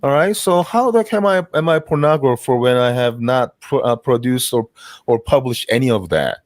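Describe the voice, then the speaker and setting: A man's voice: mid-range voice, expressive, moderate pace, dry recording. A man hosting a heated call, arguing, insulting the other side and ending sentences with "man". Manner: insulting, combative, tacks "man" onto sentences. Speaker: channel host arguing with a caller.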